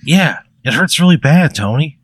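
A man's voice: fairly high pitch, expressive, normal speed, husky, no echo. A man playing along in an improvised comedy bit, exasperated and swearing as he talks back. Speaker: comedy podcast guest.

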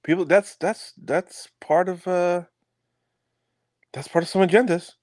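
A man co-hosting a casual podcast, excitable and swearing freely. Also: a little slow, no echo, studio quality. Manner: excitable, swears freely, pitch jumps up sharply. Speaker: podcast co-host.

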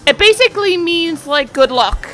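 A woman's voice: extremely high pitch, animated, normal speed, a bit bright, soft background music. A woman from Newfoundland chatting casually at a restaurant dinner table in a loose, joking, rambling way. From Newfoundland, Canada. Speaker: dinner guest. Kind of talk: casual chat.

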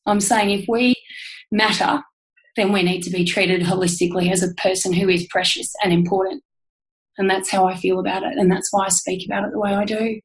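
A woman's voice: mid-range voice, steady tone, fairly quick, rough recording. A woman with an Australian accent, speaking as a guest on a podcast in an earnest, heartfelt and emphatic way. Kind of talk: candid interview talk.

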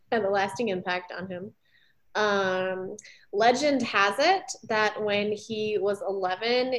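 A young woman co-hosting a podcast, a former teacher, chatting casually with lots of ums and likes and frequent giggles. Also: mid-range voice. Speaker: podcast co-host. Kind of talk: casual chat, retelling research.

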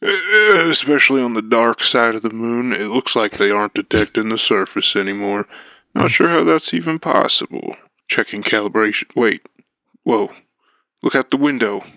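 A man's voice: mid-range voice, bright, forceful tone, no echo. A man voicing a flustered male astronaut who stammers through a mission report. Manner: halting, stammering radio report.

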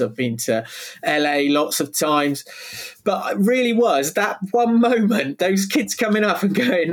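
Man, middle-aged, fairly high voice, enthusiastic, rambling, casual interview guest. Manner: rambling, enthusiastic, many restarts and tangents. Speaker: guest, video producer.

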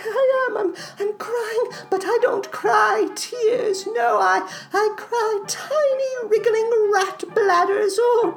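A woman voicing a creepy, childlike male creature who is whimsical and morbid, giggling and tearful in a slow, drawn-out comedic sketch. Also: extremely high pitch, voice pushed up, heavily acted.

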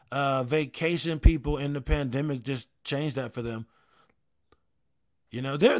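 A man in his thirties hosting a casual talk show, rambling with many restarts and frequent swearing. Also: on the high side. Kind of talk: casual chat.

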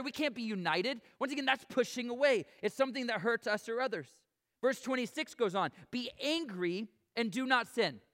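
Bright, high-voiced man preaching. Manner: earnest, conversational preaching with direct questions to the congregation. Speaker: pastor. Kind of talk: sermon. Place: church sanctuary before a congregation.

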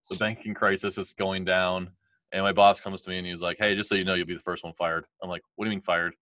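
A man's voice: sits low, level tone, fast, pushed and bright, no echo. A man in his thirties, a guest telling a candid, rambling life story with frequent laughs.

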